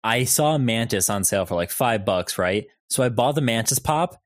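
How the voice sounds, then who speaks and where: A man's voice: mid-range voice, expressive, normal speed, no room sound, clean studio sound. A young man chatting casually about movies, laughing often and swearing easily as he tells rambling stories. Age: young adult.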